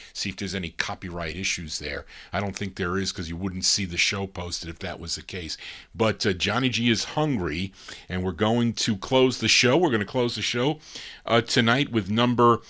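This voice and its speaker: Hoarse, low-voiced rambling DJ man. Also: bright, forceful tone. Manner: laid-back, rambling, self-correcting. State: hoarse, losing his voice. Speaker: radio-style DJ host. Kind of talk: casual live DJ chat between records.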